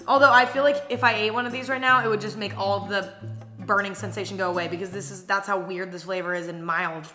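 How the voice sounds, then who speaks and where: A woman's voice: medium pitch, steady tone, quick pace, bright, forceful tone. A young woman in a casual taste-test vlog, blunt and candid, swearing now and then. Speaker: vlogger. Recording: faint music underneath.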